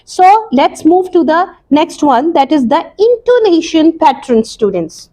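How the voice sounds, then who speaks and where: A woman English teacher explaining a lesson to students, slowly and deliberately, with many pauses and repeats. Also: high voice, very animated, dark tone. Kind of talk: recorded classroom lesson.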